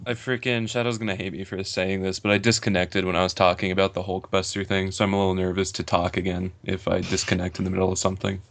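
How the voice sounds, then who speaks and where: Animated man ranting on a podcast. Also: low voice, quick pace, few pauses. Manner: animated, mimics characters while ranting. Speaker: podcast guest. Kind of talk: casual podcast chat.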